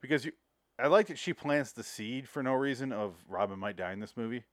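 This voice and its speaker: A man's voice: medium pitch, fairly quick, no echo. A man chatting about a movie he loves, swearing freely and acting out the scenes he retells. His voice sits in a middle range and sounds dry and close to the mic. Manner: animated, profane, acts out scenes. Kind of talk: casual movie discussion.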